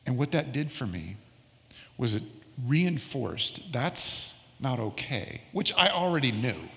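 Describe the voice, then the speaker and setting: Middle-aged pastor preaching in a reverberant hall. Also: male voice, mid-range voice, sing-song, pushed and bright. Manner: storytelling, slows down for emphasis. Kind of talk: sermon with personal story.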